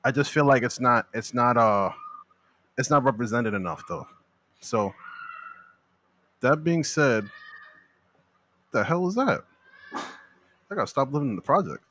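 A man's voice: medium pitch, animated, measured pace, long pauses, fairly bright tone, a little hiss or hum. A young man from the United States hosting a casual podcast, bantering and laughing with his friends. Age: young adult. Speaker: podcast host. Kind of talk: casual chat.

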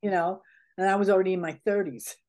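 A woman's voice: medium pitch, steady tone, fast talker, a little mellow. A middle-aged American woman, a guest in a casual interview, telling heartfelt stories in a rambling way with many fillers. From United States. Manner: rambling, heartfelt storytelling with many "you know"s.

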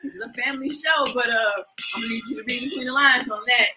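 A woman's voice: on the high side, steady tone, fast, over music. A woman co-hosting a casual sister chat show, tossing in wry joking asides. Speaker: podcast co-host.

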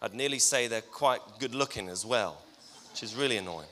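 A man's voice: mid-range voice, lively intonation, brisk, slight background noise. A middle-aged man, a pastor giving a teasing, conversational farewell tribute in a church. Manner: warm-hearted, teasing, conversational preaching. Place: church hall, indoors. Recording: long reverb in a church hall.

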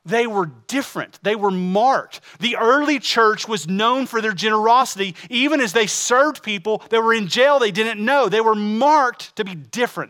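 Preaching in a bright, high voice, a pastor addresses his congregation with a string of rhetorical questions. His sermon moves from forceful, loud declarations to quiet, close asides.

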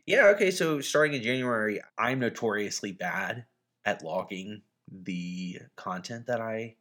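A man with a lowish voice co-hosts a relaxed podcast about films. He talks in a chatty, jokey way and slips easily into animated storytelling. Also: a little slow. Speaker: podcast co-host. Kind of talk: casual chat.

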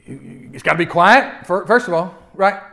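Folksy preacher man, high voice. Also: moderate pace, creaky. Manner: folksy preaching with big swings from loud to hushed; repeats words when starting sentences. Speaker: pastor. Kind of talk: sermon.

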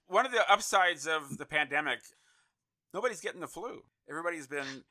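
Bright-voiced male interview host. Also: fairly high pitch, animated, brisk. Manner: rambling, repeats words while thinking. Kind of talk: casual interview chat.

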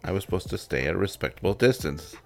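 Brief: male co-host, very deep, lively delivery, wisecracking. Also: fast talker, creaky, faint music behind. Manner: jokey interjections. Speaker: podcast co-host. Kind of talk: casual chat.

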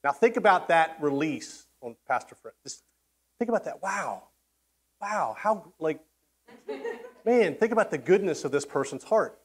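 A man's voice: on the high side, very animated, unhurried, long pauses, breathy edge. Conversational male pastor preaching. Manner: conversational, acts out quoted voices, frequent restarts. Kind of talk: sermon.

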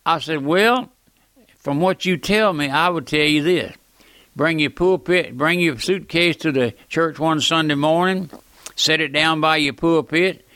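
An older Southern American man delivers a fiery radio sermon in the old-time preaching style, repeating "my friend" and swinging between thunder and quiet. His voice sits a little high, with no room sound.

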